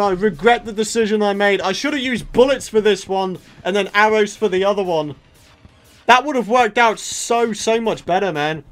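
A man giving Let's Play commentary, exasperated and exclamatory, swinging from mutters to outbursts. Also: high-pitched. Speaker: gaming YouTuber.

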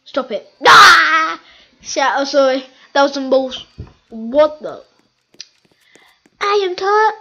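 A very high, slow-talking woman chatting excitably as she plays, looping the same lines again and again. Her voice comes through a dull, lo-fi mic. It sounds like a casual gameplay video. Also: creaky. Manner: excitable, chatty, repeats phrases. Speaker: gaming video host.

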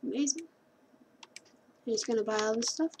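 A woman gives casual gameplay commentary while playing a computer game, rambling and correcting herself as she goes. Her voice is fairly high and fairly quick, with keyboard clicks and clear background noise.

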